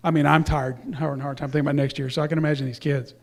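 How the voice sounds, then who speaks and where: A man's voice: a little high, little pitch movement, rapid-fire, gravelly. A man speaking casually to a church congregation, presenting youth awards in a rambling way with fillers and self-corrections.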